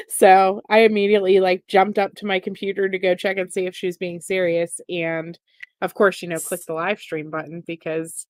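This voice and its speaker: A woman's voice: on the low side, little pitch movement, normal speed, dry recording. A woman joining a livestream chat as guest, playful and teasing in a casual way. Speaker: guest co-host.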